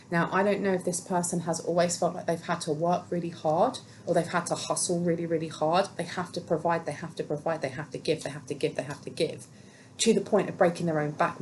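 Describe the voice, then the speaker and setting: A woman's voice: low-pitched, a little mellow, a little hiss or hum, rough recording. A woman giving a solo tarot reading, musing aloud and questioning the cards as she goes. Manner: musing, talks to herself and the cards. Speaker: tarot reader.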